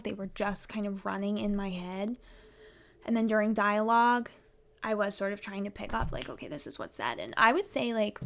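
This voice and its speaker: Woman talking theatre to camera, chatty and rambly, lots of vocal fry, laughs a lot. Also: mid-range voice. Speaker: theatre vlogger. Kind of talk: casual vlog chat.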